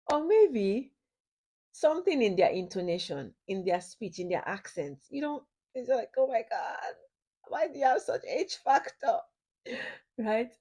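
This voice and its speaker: A woman's voice: medium pitch, dark tone. A woman speaks as a ministry teacher, giving a talk on marriage. She drives her points home by repeating them and keeps turning to her listeners with questions, in an earnest, instructive way.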